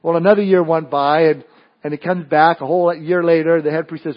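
Man, pastor, sermon, fairly high voice, chatty with restarts, muffled recording. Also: steady tone, fairly quick. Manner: conversational preaching with frequent restarts and asides.

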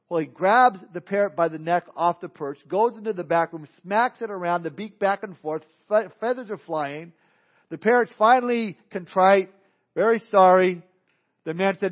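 A man's voice: high voice, normal speed. A male pastor preaching a sermon in a folksy, joking storytelling manner, reading scripture and leading prayer. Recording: dull lo-fi recording.

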